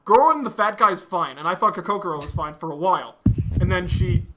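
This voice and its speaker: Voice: mid-range voice, lively intonation, fairly quick, very noisy. A podcast co-host in casual chat, ranting with exasperation and lots of swearing. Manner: profane, exasperated ranting with acted quotes.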